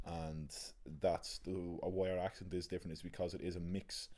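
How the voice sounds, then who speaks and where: A man's voice: low-pitched, little pitch movement, a little fast, darkish tone. A young Irish man with a Dublin accent, an actor, chatting casually and rambling with many restarts. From Ireland. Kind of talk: casual chat.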